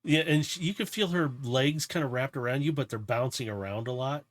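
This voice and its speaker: A man's voice: mid-range voice, a little fast. A man narrating as game master of a tabletop game, loose and rambling with restarts.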